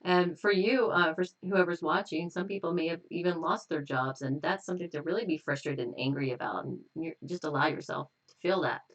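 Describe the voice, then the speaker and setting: A woman's voice: on the low side, fairly quick, few pauses, recorded from a distance, low-quality recording. A woman hosting a live stream, talking casually and laughing as she leads viewers through repeated affirmations, a little tired. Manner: relaxed, chatty, laughs often, repeats affirmations. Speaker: hypnotist leading a tapping exercise.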